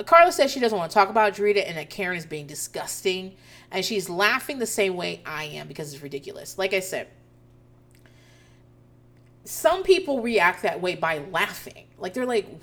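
A woman casually recapping a reality show episode, profane and incredulous as she tells the story. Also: mid-range voice.

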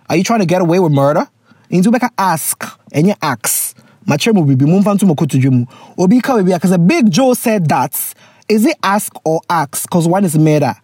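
A woman, hosting and reading out a listener's letter with casual advice, animated and laughing, often slipping into pidgin. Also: medium pitch, slightly rough, dry recording, clean studio sound.

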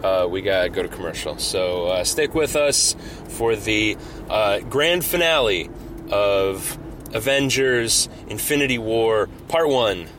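Brief: male podcast host, casual and rambling, lowish voice, audible background noise. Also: animated, unhurried, a bit bright. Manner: rambling, lots of fillers and restarts, playful. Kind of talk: casual comedic storytelling. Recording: noisy home recording.

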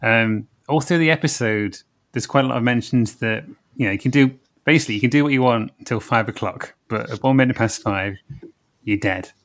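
A man's voice: mid-range voice, a little fast, a bit bright. Hesitant man in casual chat. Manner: hesitant, many ums and repeats. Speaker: podcast co-host.

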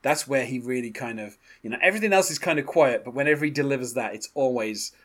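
A man's voice: medium pitch, fast, fairly bright tone. A man co-hosting a casual music podcast, talking loosely with many fillers and little laughs. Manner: chatty, many fillers, reads lyrics aloud. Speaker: podcast co-host.

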